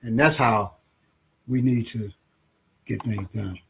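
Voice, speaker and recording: A man, an author, answering interview questions slowly and thoughtfully, often repeating words as he thinks, with a husky voice. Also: fairly low pitch, fairly bright tone. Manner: acts out quoted voices in playful anecdotes.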